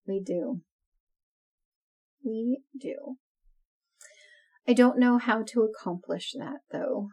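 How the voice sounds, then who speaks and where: A woman's voice: a little high, normal speed, few pauses, a little mellow, husky. A woman co-hosting a podcast, chatting casually and laughing often. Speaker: podcast co-host. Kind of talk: casual chat.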